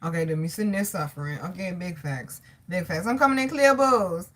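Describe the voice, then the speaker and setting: A woman giving a casual live tarot reading, slangy and swearing freely, greeting her chat by name and talking to God out loud between points. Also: on the low side, lively intonation, brisk. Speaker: tarot reader.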